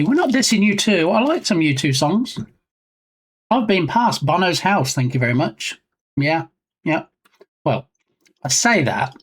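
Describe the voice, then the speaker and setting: A talkative streamer on a desk mic, casually chatting with viewers. The voice rises and drops a lot, and the tone stays playful and jokey throughout. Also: husky. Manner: chatty and joking, reading viewer names aloud; lively swings in pitch. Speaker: livestream host. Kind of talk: casual live-stream chat.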